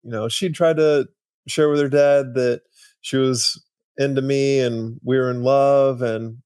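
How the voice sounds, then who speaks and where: Relaxed man guest, dry close sound. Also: mid-range voice, measured pace, smooth, no echo. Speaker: podcast guest. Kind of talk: casual interview storytelling.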